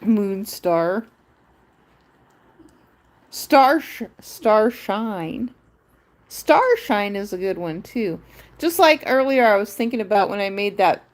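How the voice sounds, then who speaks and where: A woman live streamer chatting in a rambling, musing way, drifting into wordplay. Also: medium pitch.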